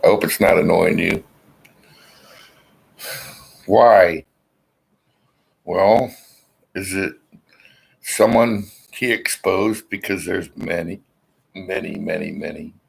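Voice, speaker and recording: A man with a very low, gravelly voice talks his way through a rambling, suspicious monologue, cursing as he goes. Hiccups keep interrupting him. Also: takes it slowly, long pauses, poor audio. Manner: rambling, suspicious, swears freely. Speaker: vlogger. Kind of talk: casual rambling monologue to camera.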